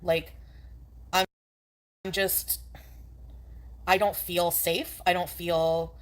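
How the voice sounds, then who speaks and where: A woman chatting on her own livestream in a rambling, distracted, halting way. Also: lowish voice, level tone. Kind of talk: casual livestream chat.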